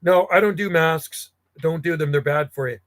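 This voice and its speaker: A man's voice: a little high, moderate pace, a bit bright. A middle-aged man ranting bluntly in casual talk, grumbling and swearing as he tells stories. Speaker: radio hobbyist livestream host. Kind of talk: casual rant.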